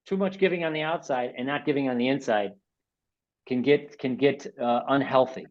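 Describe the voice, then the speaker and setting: A man's voice: medium pitch, fairly quick, a little mellow, lo-fi sound. A man in his sixties from the United States presents a webinar in casual, rambling talk, often repeating and restarting words. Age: 60s.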